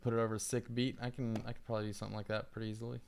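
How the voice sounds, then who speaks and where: Relaxed man streaming and chatting. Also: fairly low pitch, very fast, vocal fry, a little hiss or hum. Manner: relaxed, rambling, thinking aloud while editing. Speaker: streamer, content creator. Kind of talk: casual livestream chat.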